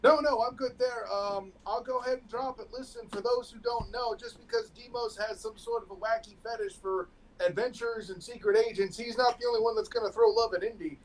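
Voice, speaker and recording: A man's voice: extremely high pitch, steady tone, brisk, a little hiss or hum, low-quality recording. A male co-host on a live comedy podcast, speaking in a casual, chatty way. His delivery is sarcastic and teasing, full of playful digs at his partner. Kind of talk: casual banter.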